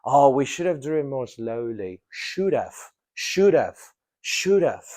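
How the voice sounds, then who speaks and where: A man gives a grammar lesson in English to a class, his medium-pitched voice very animated and slightly mellow. He asks students questions and repeats essential phrases slowly.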